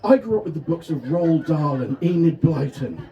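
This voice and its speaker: High-voiced man doing stand-up in a tent. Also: lively intonation, normal speed, far from the mic, highs cut off. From England (Devon). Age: 30s. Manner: self-deprecating, bursts into shouted punchlines. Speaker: stand-up comedian. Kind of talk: stand-up comedy set. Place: festival tent with a live audience.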